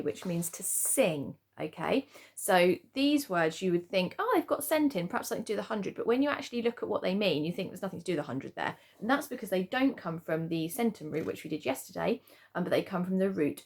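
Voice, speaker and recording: Woman teacher, lowish voice, creaky and gravelly, chatty home spelling lesson. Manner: chatty explanations, frequent "okay?" check-ins. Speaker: primary school teacher.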